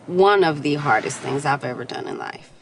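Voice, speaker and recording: A woman in her thirties tells a personal story in a relaxed vlog, her voice sitting on the low side. She talks candidly and animatedly, acting out her own thoughts. A faint hum runs underneath. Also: moderate pace. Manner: candid, animated retelling with laughs and quoted inner voices. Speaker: mother sharing a personal story.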